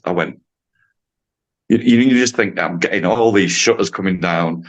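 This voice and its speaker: Deep-voiced man telling a story. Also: a little slow, long pauses. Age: 50s. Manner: animated storyteller, acts out quotes, laughs often. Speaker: podcast guest, driving instructor. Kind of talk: casual storytelling.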